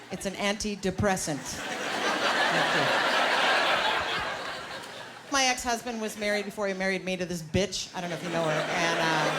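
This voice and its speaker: A woman's voice: medium pitch, heavy background noise. A woman from Canada doing a brash, self-mocking stand-up set on a club stage. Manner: brash, self-mocking punchlines with pauses for laughs. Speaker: stand-up comedian. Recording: live club recording with loud crowd. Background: laughing audience.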